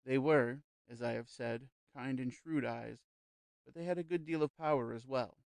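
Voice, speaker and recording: A man's voice: medium pitch, moderate pace, gravelly, darkish tone, no room sound. Male audiobook narrator with a dry sound. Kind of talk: scripted narration.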